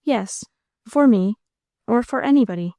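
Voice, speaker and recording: A woman voicing a proud, reserved young woman who is quietly unhappy, speaking slowly and with careful composure. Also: on the high side, animated, no echo, studio quality.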